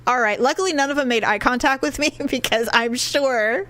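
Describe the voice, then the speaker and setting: A middle-aged woman co-hosting a podcast, telling a story in casual chat, laughing often and swinging her pitch wildly when she quotes people. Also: normal speed, fairly bright tone. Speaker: podcast co-host.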